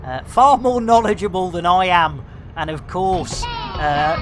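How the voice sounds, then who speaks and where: A woman in her fifties hosting a live game stream. She banters and breaks into sudden shouts, with a lively, swooping voice. Her delivery stays slow and drawn out between bursts. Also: medium pitch, over music. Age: 50s. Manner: exuberant, bursts into shouts and banter, catchphrase-heavy.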